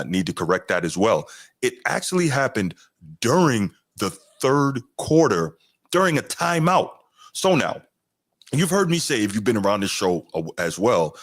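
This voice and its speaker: A man's voice: low-pitched, no echo, clean studio sound. A male podcast host giving casual live reaction commentary, talking conversationally and reading chat comments aloud.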